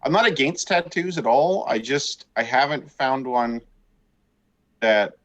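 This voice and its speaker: A man from Canada co-hosting a podcast, chatting in a relaxed, explanatory way. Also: mid-range voice, measured pace, lo-fi sound. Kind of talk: casual chat.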